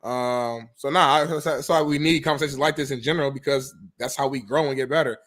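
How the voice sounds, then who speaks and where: Man, sports co-host, mid-pitched voice, calm and measured, conciliatory. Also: slight background noise. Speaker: sports talk show co-host. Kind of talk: sports debate.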